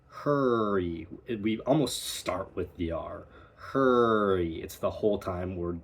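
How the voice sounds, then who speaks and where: American man, accent coach, slow and deliberate, breathy low voice, repeats example words. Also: darkish tone. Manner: demonstrates words by repeating them. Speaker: dialect coach. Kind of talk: accent lesson.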